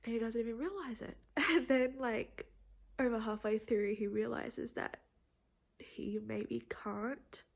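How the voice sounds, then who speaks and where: Young woman vlogger, teary, rambling and laughing, slow, gravelly voice. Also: fairly high pitch, steady tone. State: teary, on the verge of crying. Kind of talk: casual chatty vlog.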